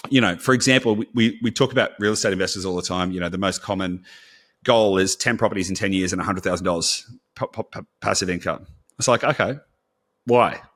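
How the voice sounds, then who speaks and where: A man co-hosting a podcast in a casual, blunt, animated way, swearing freely. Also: lowish voice. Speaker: podcast co-host.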